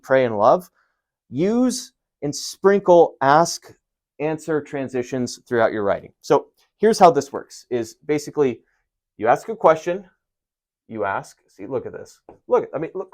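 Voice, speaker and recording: A man giving a casual writing lesson, energetic and profane, with rambling asides, sometimes loud and sometimes muttering under his breath. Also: medium pitch. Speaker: writing teacher. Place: home room writing on a board.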